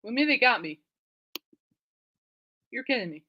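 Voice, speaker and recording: A woman's voice: on the high side, animated, moderate pace, muffled recording, heavy background noise. A woman hosting her own podcast live, rambling casually with lots of fillers and exclamations. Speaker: podcast host. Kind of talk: casual live-stream chat.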